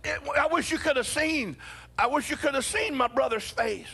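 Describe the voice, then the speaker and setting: A pastor telling a funny story during a church sermon, animated and often chuckling as he talks. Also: extremely high pitch, normal speed, vocal fry.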